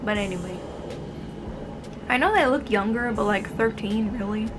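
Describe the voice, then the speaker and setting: A woman in her twenties from the United States, with a medium-pitched voice at a moderate pace, vlogs casual storytime narration about her retail job. She sounds exasperated and sarcastic, and there's background noise in the clip.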